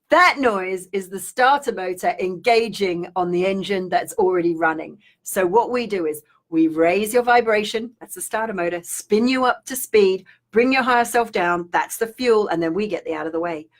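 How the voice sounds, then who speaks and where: A middle-aged Australian woman with a medium-pitched voice and an Australian accent chats casually on a live stream as a spiritual coach. She rambles, using fillers and restarts.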